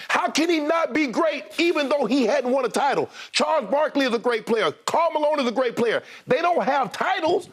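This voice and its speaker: A middle-aged man with a notably high voice argues his side in a heated sports debate show. He is forceful and emphatic and keeps cutting in on his co-host. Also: expressive, normal speed, few pauses. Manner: forceful, interrupts repeatedly, emphatic.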